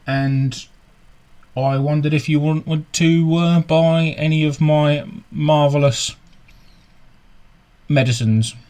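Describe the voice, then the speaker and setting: A man doing a dodgy high-pitched potion peddler. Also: steady tone, a little mellow, smooth. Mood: wheedling. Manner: showy, drawn-out sales pitch. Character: dodgy male potion peddler, smooth-talking salesman.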